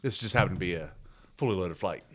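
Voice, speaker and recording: A man's voice: low-pitched, fast. A man co-hosting a podcast, telling a long, profane travel story in casual chat and acting out the people in it. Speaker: podcast co-host.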